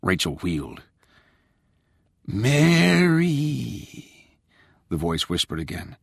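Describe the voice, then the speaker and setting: A man with a low-pitched voice narrates an audiobook in a measured, expressive manner. The recording is dry and of studio quality.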